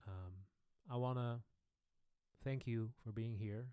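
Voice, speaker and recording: A man hosting a casual live-stream Q&A, chatting with viewers in slightly non-native English and often trailing off softly. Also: medium pitch, steady tone, slow pace, clear, resonant tone, no echo. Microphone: studio microphone.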